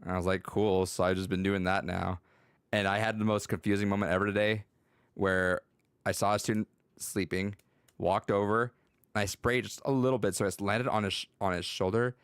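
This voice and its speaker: A man's voice: on the low side, fairly even intonation, a little fast, clear, resonant tone, dry recording, studio quality. A man hosting a casual podcast, telling rambling classroom stories as a teacher, laughing often and using many fillers. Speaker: podcast host and school teacher.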